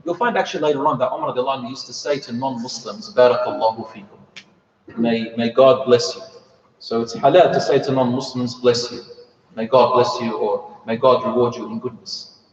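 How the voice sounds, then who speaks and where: A man's voice: medium pitch, fairly even intonation, a little fast. A man with a British accent telling a story in a sermon, acting out the dialogue with joking asides. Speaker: preacher. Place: mosque hall. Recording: echoey hall, distant mic, dull sound.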